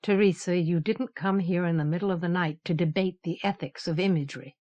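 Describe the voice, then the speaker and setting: A woman voicing a withdrawn, troubled young male imager in an audiobook, speaking in a measured, guarded way. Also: on the low side, a little mellow, highs cut off, close to an everyday voice. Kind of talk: audiobook character reading.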